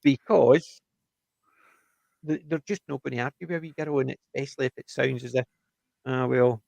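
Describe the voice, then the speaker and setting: A man's voice: medium pitch, brisk, vocal fry, a little mellow, no room sound, highs cut off. A man co-hosting a TV review podcast, chatting casually and retelling scenes in a rambling way with many restarts. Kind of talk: casual chat.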